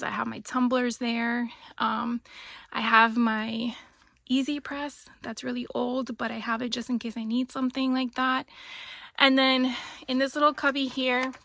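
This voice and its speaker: A woman's voice: on the high side, creaky, pushed and bright, no room sound, clean studio sound. A woman in her forties, chatty and laughing often as she gives a casual tour of her home craft room. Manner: chatty, laughs often, self-deprecating asides. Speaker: craft business owner giving a room tour.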